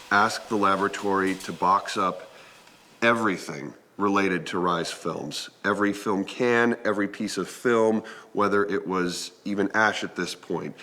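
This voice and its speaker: A man explains the archive's work in a measured, serious way. His voice is bright and forceful and sits a little low. A faint hum of room ambience runs behind him. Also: low-quality recording. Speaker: film archivist. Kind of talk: documentary narration and on-camera explanation.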